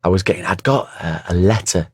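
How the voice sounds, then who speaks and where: A man's voice: low-pitched, a little fast, breathy edge, dry recording, clean studio sound. A hungover man, a former football commentator, telling rambling anecdotes in a casual podcast chat, with a somewhat nasal voice. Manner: rambling anecdotes, acts out other people's lines.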